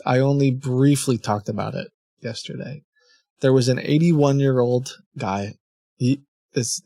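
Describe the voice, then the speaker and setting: A man's voice: medium pitch, a little mellow. A young man talks casually on a stream in a mid-range voice, drifting from thought to thought and often stopping to restart a sentence. The sound is dry and close, with no room echo. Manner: rambling, self-correcting with restarts and short laughs. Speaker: scam-baiting streamer. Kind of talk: casual rambling chat on a stream.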